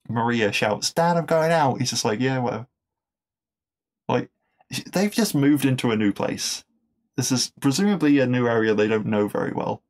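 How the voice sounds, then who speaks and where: Gravelly man rambling on a podcast. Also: mid-range voice. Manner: rambling and enthusiastic, many fillers and restarts; laughs at his own jokes. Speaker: podcast host. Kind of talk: casual episode review.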